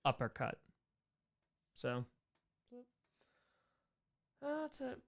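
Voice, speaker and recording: A man hosts a casual livestream Q&A, reading chat names and riffing with loose, rambling jokes. His voice sits a bit high and sounds smooth and clear. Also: very animated, takes it slowly, pauses often, fairly bright tone. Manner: rambling, jokey, answers chat names aloud. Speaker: streamer host answering chat.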